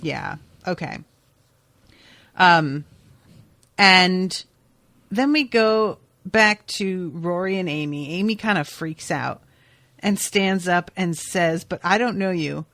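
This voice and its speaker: A woman podcast host casually recapping a TV episode, chatty and expressive, swearing now and then. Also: fairly low pitch, takes it slowly, pauses often, no echo.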